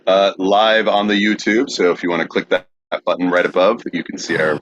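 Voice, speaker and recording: A man co-hosting a podcast in casual chat, making dry, measured wisecracks. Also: deep voice, fairly even intonation, fairly bright tone. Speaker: podcast co-host. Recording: dull lo-fi sound.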